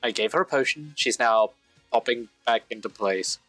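A man's voice: medium pitch, moderate pace, fairly bright tone, no echo, soft background music, close to an everyday voice, poor audio. A man doing flippant, secretive Rosa. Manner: flippant, dismissive.

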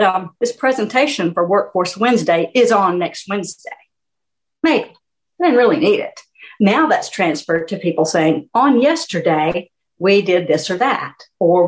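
A woman's voice: mid-range voice, poor audio. A woman giving a conversational talk on speaking skills, acting out little examples. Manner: conversational, animated, with little demonstrations. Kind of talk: workshop talk.

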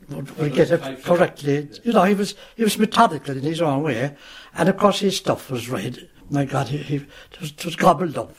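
A man's voice: a little high, husky. A man recalling old times in an interview, explaining things with digressive asides. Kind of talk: reminiscing interview.

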